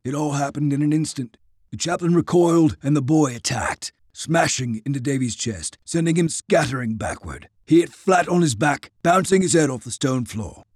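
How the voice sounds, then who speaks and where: A man narrating an audiobook in a dramatic, expressive reading. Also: fairly high pitch, normal speed, husky, no room sound, studio quality. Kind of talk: scripted narration.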